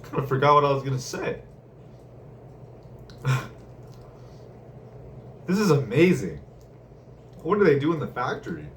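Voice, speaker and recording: A man's voice: medium pitch, sing-song, a little slow, pauses often. A young man rambling casually with lots of slang and laughter while telling a story from his day. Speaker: vlogger. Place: room at home. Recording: distant mic, faint room noise.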